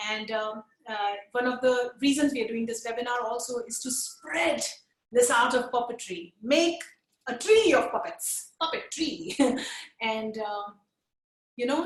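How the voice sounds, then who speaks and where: A woman's voice: fairly high pitch, reverberant, rough recording. A woman with an Indian accent teaching a puppetry webinar, mixing Hindi into her English and encouraging her listeners to try voices with her. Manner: switches between English and Hindi mid-sentence; encouraging, demonstrates voices with bursts of laughter. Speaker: puppetry trainer. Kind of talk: webinar lesson.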